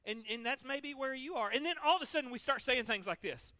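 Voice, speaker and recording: A man's voice: extremely high pitch, animated, fast, pushed and bright, no room sound. A male pastor preaching a sermon, emphatic, repeating key lines for the congregation.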